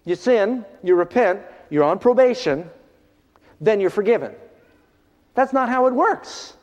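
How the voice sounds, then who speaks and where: A male pastor preaching a sermon, swinging from raised, emphatic lines to hushed ones. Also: high voice, expressive, a little slow. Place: church hall. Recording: dull reverberant hall recording.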